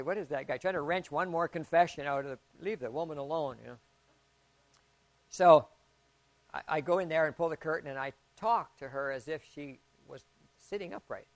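Folksy pastor telling a story. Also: male voice, on the high side. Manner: folksy, acts out quoted voices, swings from hushed to loud. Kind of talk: sermon storytelling.

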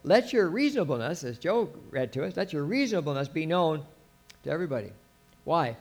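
Gravelly-voiced man preaching. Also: fairly high pitch, sing-song, fairly quick, faint music behind. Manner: conversational preaching with anecdotes and restarts. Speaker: pastor. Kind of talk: sermon.

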